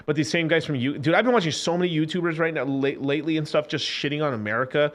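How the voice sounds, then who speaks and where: A man's voice: on the high side, fast, hardly any pauses, a bit bright. A man hosting a crypto livestream, ranting in an unfiltered casual way, profane and emphatic, repeating phrases and mocking others. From Mexican.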